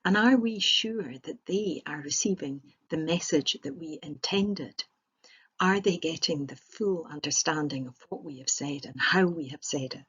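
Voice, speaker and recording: A woman's voice: low voice, unhurried, fairly bright tone, breathy edge, lo-fi sound. A woman giving a recorded presentation as a trainer, explaining step by step with rhetorical questions and the odd filler.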